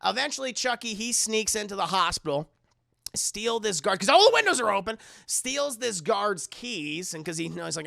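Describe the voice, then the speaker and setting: A man streaming a casual, rambling film recap to his chat, animated and swearing a lot, close to the mic. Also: high voice, normal speed, vocal fry, dry recording.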